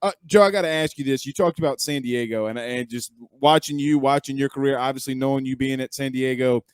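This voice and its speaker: A man's voice: mid-range voice, a little fast, smooth, no room sound. Man, sports podcast host; rambling, casual questioner, dry recording. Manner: chatty, rambling questions with fillers. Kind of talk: casual interview.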